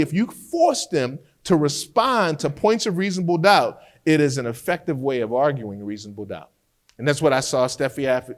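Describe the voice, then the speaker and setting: A man teaching trial skills as a defense lawyer, an animated storyteller who often repeats words as he restarts a thought. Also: on the high side. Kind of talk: lecture with courtroom storytelling.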